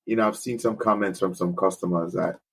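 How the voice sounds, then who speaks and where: A Jamaican man speaking as a podcast guest, his husky voice low in pitch. He talks eagerly about customers and his business in a relaxed back-and-forth. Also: fairly quick, low-quality recording. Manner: enthusiastic anecdotes about customers. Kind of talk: casual conversational interview.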